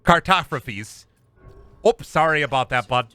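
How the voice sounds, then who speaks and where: Folksy Minnesotan telemarketer, relentlessly pleasant, put on by a man streaming a game; bright, lively delivery. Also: a little high, measured pace, clear, resonant tone, no echo. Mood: cheery. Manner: relentlessly pleasant, ends lines with "bud".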